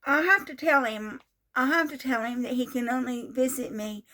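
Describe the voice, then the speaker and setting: Woman in her 60s, high-pitched voice, casual vlog monologue, repetitive, exasperated retelling. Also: moderate pace, bright, forceful tone. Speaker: vlogger.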